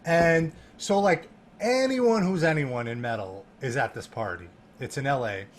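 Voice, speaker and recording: A man guesting on a podcast, telling an animated story with laughter and lots of "like" fillers. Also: medium pitch, a little slow. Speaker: guest, music journalist.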